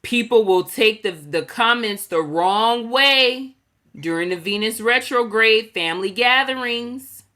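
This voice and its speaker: Laid-back woman host, slangy, kinda bright forward voice. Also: a little high, expressive, measured pace. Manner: laid-back, slangy, runs the reading segment. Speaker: astrology livestream host. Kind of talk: casual chat.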